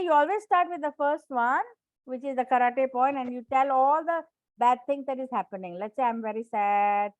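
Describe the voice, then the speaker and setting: A woman's voice: sits high, dry recording. A woman coach leading a live online class on self-management, encouraging and repetitive, often checking in with questions to her students.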